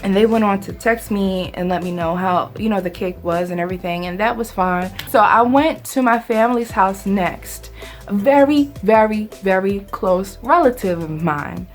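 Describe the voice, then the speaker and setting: A woman vlogger telling a dramatic story in a casual, animated, conversational way. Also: mid-range voice, normal speed, soft background music.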